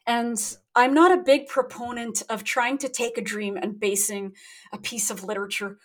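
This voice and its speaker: A woman author talking in a relaxed interview over a remote connection, thoughtful and quick to laugh at herself. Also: on the high side. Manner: thoughtful, self-deprecating, laughs often. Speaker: guest author. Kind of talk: casual interview talk. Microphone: remote call.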